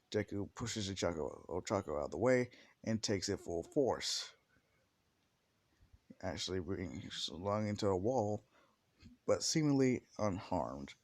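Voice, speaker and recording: A man's voice: sits low, very animated, measured pace, long pauses, a little mellow, no room sound. A man casually telling a fan-fiction story in a rambling, profane way with frequent restarts.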